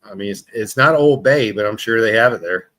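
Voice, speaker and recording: A man's voice: on the low side, brisk, fairly bright tone. A man hosting a casual panel chat, joking and bantering with his co-hosts. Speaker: panel show host.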